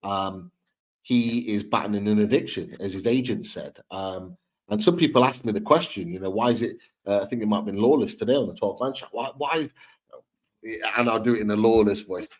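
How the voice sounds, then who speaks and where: A football podcast co-host talks earnestly on a live fan stream, often repeating and restarting his words. His voice is fairly low and brisk, and the recording is rough.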